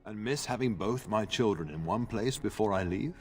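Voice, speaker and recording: Older lord, husky, gravelly, dry teasing humor, lively pitch. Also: male voice, normal speed, soft background music. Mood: wry. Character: warm teasing noble father, older lord.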